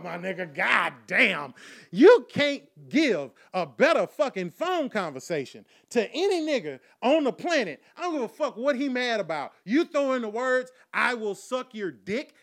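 A young man performing a profane comic story monologue, animated, loud one moment and low the next, often laughing at his own jokes. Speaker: comedian telling a story.

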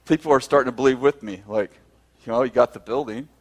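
A man tells a personal story to a group, voicing both sides of each conversation and laughing often as he talks. He speaks fast, at a medium pitch.

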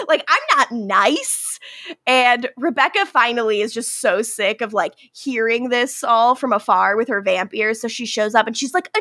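A woman co-hosting a casual podcast, recapping a show with lots of laughter, swearing and quick acted-out character lines. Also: fairly high pitch, animated, sharp tone, dry recording, clean studio sound. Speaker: podcast co-host recapping a TV episode. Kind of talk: casual chat.

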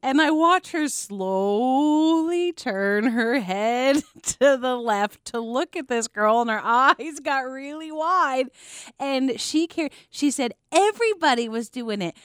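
A woman's voice: sits high, slow pace, clear, resonant tone, dry recording, clean studio sound. A young adult woman co-hosting a casual chat, telling a story with lots of laughter and acted-out quotes. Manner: animated storyteller, laughs often, acts out quotes. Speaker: podcast co-host.

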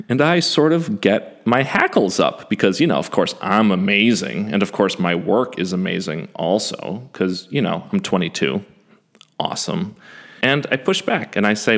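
A man's voice: fairly low pitch, normal speed. Self-mocking man in his forties. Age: 40s. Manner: self-deprecating, animated, occasional swearing. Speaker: storyteller. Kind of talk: first-person personal storytelling.

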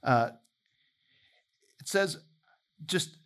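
A man preaching a sermon in a conversational, animated way, imagining dialogue aloud. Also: very slow.

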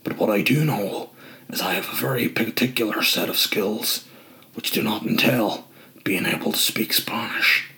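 Parody bit: man playing a quiet, deadly serious movie tough guy. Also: gravelly. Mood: menacing. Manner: low, hushed, deliberate threat. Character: grim, menacing male action hero.

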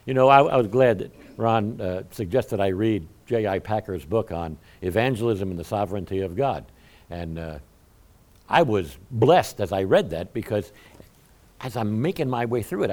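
A man's voice: lowish voice, normal speed. A male pastor giving a conversational sermon, joking about himself and speaking straight to his congregation. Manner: animated, humorous, self-deprecating storytelling; talks to the congregation directly.

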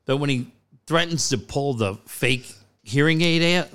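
A middle-aged man chats casually as a guest, rambling in an easygoing way and laughing easily. His voice is medium-pitched, smooth and a bit bright, and he takes his time.

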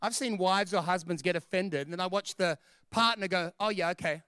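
An animated pastor delivers a sermon, his voice high for a man and smooth. The sound is close and dry. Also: normal speed, no room sound. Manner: animated, storytelling with acted voices.

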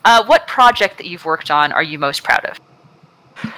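A woman hosts a casual podcast chat, reading questions from the chat and needling her guest with playful teasing and the odd swear word. Her voice is bright, with a lively, swinging pitch. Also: measured pace, rough recording. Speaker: podcast host.

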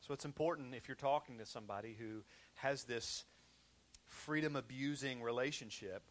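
A male pastor delivers a sermon conversationally, in a mid-range voice at a moderate pace. He repeats himself often and swings between loud emphasis and hushed, quiet stretches.

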